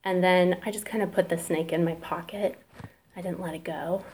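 A woman's voice: on the low side, steady tone, normal speed, darkish tone, husky. A woman in her thirties giving a candid, emotional personal testimony at church, chatty and full of asides.

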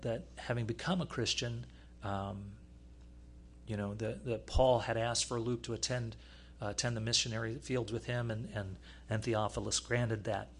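A man preaching a teaching sermon, pausing often with fillers and restarts. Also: medium pitch, a little hiss or hum. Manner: halting, many fillers and restarts. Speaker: pastor.

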